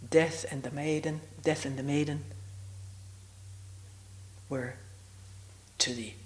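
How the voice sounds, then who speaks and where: An older woman, in her sixties, gives a reflective spiritual talk as a retreat teacher. Her delivery is unhurried, with long pauses between phrases. She often lets her voice fall to a soft half-whisper. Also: sits low, steady tone, rough recording.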